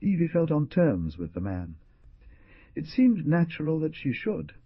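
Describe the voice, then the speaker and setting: A man narrating an audiobook in a dramatic style, with a husky voice and lively delivery of the characters' lines. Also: fairly high pitch, measured pace, no room sound. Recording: dull, muffled studio recording.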